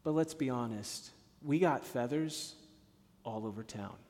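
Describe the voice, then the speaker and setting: A man preaching a sermon as a pastor, telling stories and moving from hushed, low passages to emphatic ones. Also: measured pace. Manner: storytelling, swings from hushed to emphatic. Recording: long hall reverb.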